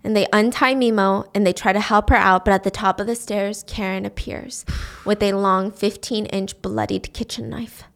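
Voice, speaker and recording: A young woman host telling the story of a drama in an animated, casual way, sometimes speeding up and sometimes slowing for the sad parts. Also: medium pitch, gravelly. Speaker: podcast host recapping a drama.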